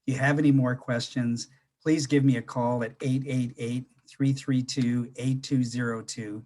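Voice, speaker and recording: A man hosting an interview, friendly and deliberate as he talks. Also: medium pitch, flat delivery, darkish tone. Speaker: host.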